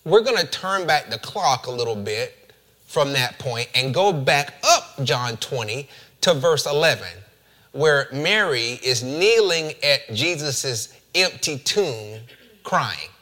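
Animated, bright-voiced preacher man. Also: medium pitch, slow. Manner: animated, playful asides to the congregation. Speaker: pastor. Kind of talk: sermon with scripture reading.

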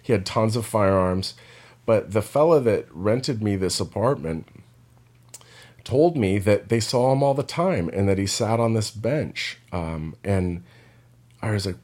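Guy rambling through a story to camera, lots of restarts, lowish voice, thoughtful. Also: animated, unhurried, darkish tone. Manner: rambling, with many restarts and repeated words; reflective storytelling. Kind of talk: casual spoken monologue.

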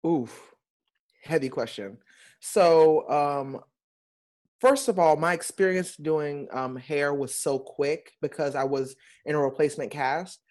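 A man, a Broadway performer, chatting casually with an animated, emphatic way of telling stories. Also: fairly high pitch, slow pace. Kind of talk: casual chat.

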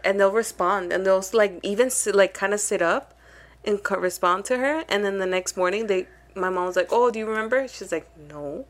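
A woman's voice: mid-range voice, normal speed. A woman co-hosting a podcast in casual chat, swearing freely and dropping in Spanish phrases. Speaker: podcast co-host.

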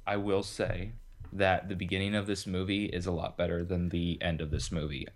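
A man's voice: sits low, little pitch movement, moderate pace, crowd noise. A man chatting casually about a movie, blunt and emphatic, with occasional swearing. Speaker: film discussion co-host. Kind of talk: casual chat.

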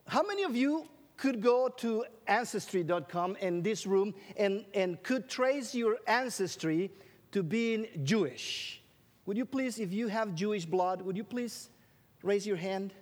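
Man, preacher, sermon, high voice, drawn-out emphasis on scripture, questions the audience, long reverb of a large hall. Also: animated. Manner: stretches out scripture phrases for emphasis; asks the audience questions and tells jokes.

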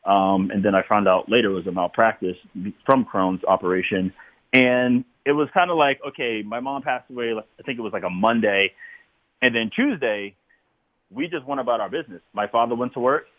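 A man, a former football player, talking as a guest in a casual interview, telling animated stories and laughing often. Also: on the low side, a little fast, no echo, phone-quality sound.

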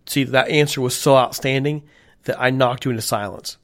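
Male podcast co-host, mid-pitched, chatty and animated, quick to laugh. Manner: animated, laughs easily, teasing. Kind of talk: casual sports podcast chat.

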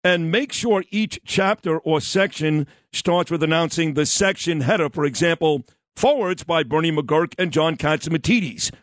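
A radio host with a Brooklyn accent, talking loose and joking at his co-hosts. His voice sits a little high, picked up dry and close on a studio microphone. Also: moderate pace, no echo. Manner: joking, self-mocking, loud. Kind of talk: casual radio banter.

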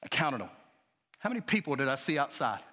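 A man preaching a sermon as pastor, moving from quiet, low talk to loud, high-pitched exhortation. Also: big pitch swings, fairly quick. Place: church sanctuary. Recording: church hall reverb.

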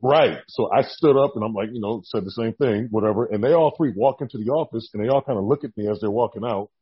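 A man telling a long story in a casual interview, animated and acting out what people said. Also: on the low side, fast, husky, highs cut off. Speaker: guest, former wrestler.

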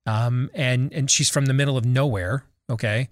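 His voice sits mid-range with fairly even intonation and a moderate pace, in a dry, clean studio recording. He's a radio show host chatting loosely with co-hosts, stopping for live ad reads and often restarting or going off on asides.

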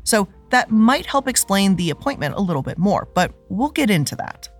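A woman's voice: mid-range voice, normal speed, faint music behind. Sarcastic woman hosting a scripted show. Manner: sarcastic, lively scripted delivery. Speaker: host. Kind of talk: scripted narration.

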